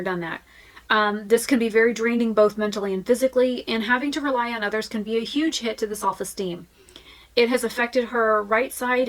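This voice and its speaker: A woman's voice: medium pitch, fairly bright tone, poor audio. A woman vlogging in a frank, chatty way, with fillers and restarts. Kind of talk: candid casual talk to camera.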